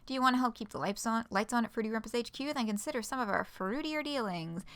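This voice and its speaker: A woman's voice: fairly high pitch, quick pace, fairly bright tone. A woman streamer reading a fan project announcement aloud, breaking off for playful, dry asides.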